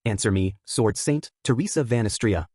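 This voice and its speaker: A man's voice: on the low side, lively intonation, moderate pace, darkish tone, breathy edge, no echo, studio quality. A man reading as a stern young swordsman. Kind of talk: audiobook reading.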